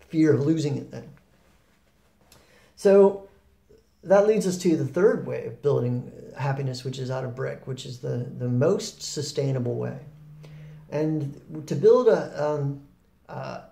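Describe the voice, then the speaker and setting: A man giving a reflective spoken talk on happiness, relaxed and rambling, with fillers and restarts. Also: medium pitch, vocal fry, roomy sound. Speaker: spiritual talk host.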